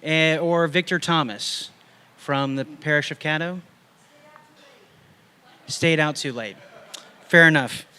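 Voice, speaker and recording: A man speaking at a live event, relaxed and chatty as he thanks supporters and introduces the next speaker. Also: a little high, slow pace, long pauses, clear, resonant tone, big-room sound. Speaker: event organizer.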